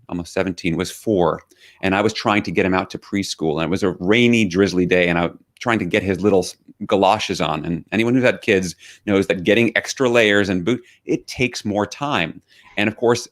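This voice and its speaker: Casting: middle-aged male author guest, lowish voice, reflective anecdotal storyteller. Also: fairly bright tone. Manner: reflective storytelling with quoted dialogue. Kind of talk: interview conversation.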